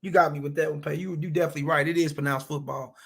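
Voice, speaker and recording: A man with a slightly high, gravelly voice hosts a relaxed livestream. He talks loosely and profanely in slang and speaks straight to the viewers in his chat, as if catching up with friends. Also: very fast. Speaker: livestream host talking to chat.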